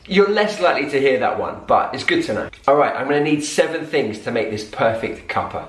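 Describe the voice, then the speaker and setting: A man giving a scripted English lesson, speaking clearly and slowing down to repeat key words. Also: on the high side, lively intonation. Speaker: English teacher. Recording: roomy echo.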